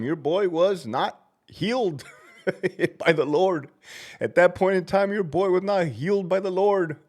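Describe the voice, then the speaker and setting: A man in his thirties, a former prison officer, telling a casual story in a blunt, profane way, laughing at himself and acting out shouted commands. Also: a little high.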